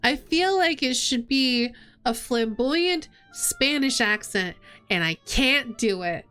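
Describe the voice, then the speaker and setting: A chatty woman streamer with a bright, high voice that bounces up and down as she jokes about her own voice acting. Quiet game music plays under her talk. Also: big pitch swings, takes it slowly, clean tone. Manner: chatty, self-mocking, laughing. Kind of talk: reading a visual novel aloud on stream.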